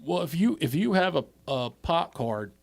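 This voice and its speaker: Gravelly man, halting and profane. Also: a little high, sing-song. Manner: halting, repeats words when he starts, profane. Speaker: podcast co-host. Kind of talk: casual chat.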